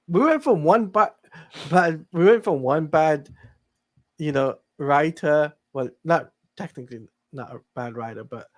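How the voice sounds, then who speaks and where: A man's voice: a little high, expressive, a little slow. Tired man chatting late at night. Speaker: podcast co-host. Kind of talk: casual chat.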